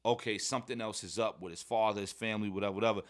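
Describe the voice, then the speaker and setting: A man's voice: on the low side, racing. A man, a rapper guest in a casual interview, telling stories and acting out quoted lines. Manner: animated storyteller, acts out quotes.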